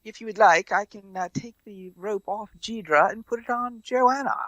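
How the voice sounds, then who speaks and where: A tabletop game player making joking, deadpan quips and declaring character actions. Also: medium pitch, moderate pace, dry recording, low-quality recording.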